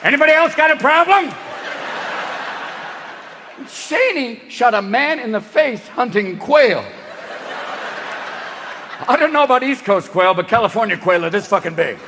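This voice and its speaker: A male stand-up comedian performing a manic, rapid-fire, profane set that keeps jumping into voices, on stage in a large theater. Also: very high voice, noisy background. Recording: echoey hall with loud audience.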